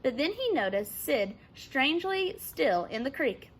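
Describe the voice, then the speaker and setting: A woman's voice: high voice, a little slow. Woman teacher reading a chapter book aloud. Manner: expressive read-aloud narration. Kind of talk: reading a children's novel aloud.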